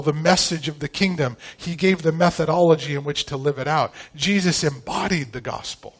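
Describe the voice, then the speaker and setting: A pastor in his forties delivers a sermon in a notably high-pitched male voice. He preaches with emphasis and keeps putting rhetorical questions to the congregation.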